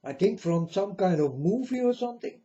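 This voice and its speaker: High-voiced, scornful man ranting. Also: lively intonation, brisk, dark tone. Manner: blunt, scornful, preachy. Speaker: channel host. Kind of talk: ranting monologue. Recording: dull lo-fi recording.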